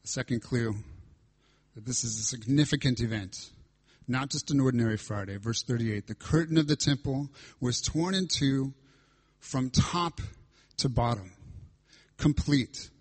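Husky guy preaching a sermon, reads the verses and leans hard on the big lines. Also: medium pitch, unhurried. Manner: preaches through scripture with dramatic emphasis. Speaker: pastor.

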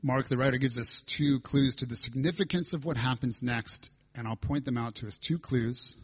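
A man's voice: mid-range voice, normal speed, husky. A male pastor preaching a sermon, reading scripture aloud and stressing lines with dramatic emphasis.

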